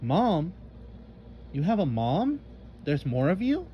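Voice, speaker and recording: A man's voice: fairly high pitch, wildly swooping pitch, slow, muffled recording, a little hiss or hum, pitched above the performer's own voice, heavily acted. A man doing a curious young monkey girl.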